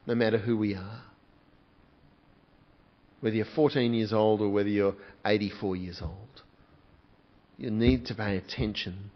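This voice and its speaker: A man's voice: mid-range voice, highs cut off. A man preaching a sermon as a pastor, earnest and putting direct questions to his congregation.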